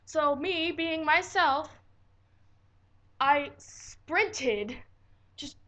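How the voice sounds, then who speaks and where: A teenage girl telling a story in a casual vlog, animated and dramatic and swearing freely. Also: high-pitched, very slow. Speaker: vlogger.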